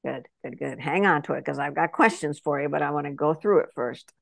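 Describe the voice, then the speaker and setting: A woman with a lowish voice gives a spiritual reading and tells it as a lively story. She keeps acting out little quoted voices and keeps asking whether her listener follows. The sound is close and dry, with no room around it. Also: brisk, creaky, no echo. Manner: animated storyteller who acts out quotes; checks in with the listener often. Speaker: spirit messenger, podcast guest.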